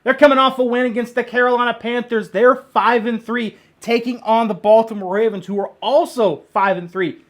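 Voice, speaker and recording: A man with a fairly high voice runs through his weekly football picks in a casual, excitable way. His delivery is blunt and jokey, and it now and then gets loud. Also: moderate pace, few pauses. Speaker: sports picks vlogger.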